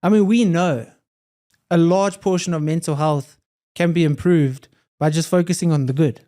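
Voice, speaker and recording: A man's voice: on the high side, moderate pace, warm tone. A young adult man, a podcast guest, talking in an earnest, reflective way and often repeating phrases. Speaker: podcast guest, hybrid athlete. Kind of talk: casual conversation.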